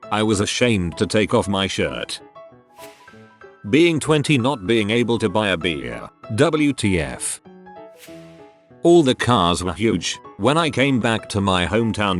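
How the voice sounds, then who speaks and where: A man narrating online stories aloud, lively, dropping his voice low when quoting people.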